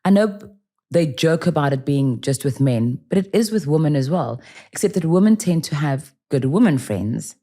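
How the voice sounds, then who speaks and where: A woman in her forties, a podcast guest telling stories in casual interview talk, animated and acting out bits of dialogue. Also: low voice, moderate pace. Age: 40s.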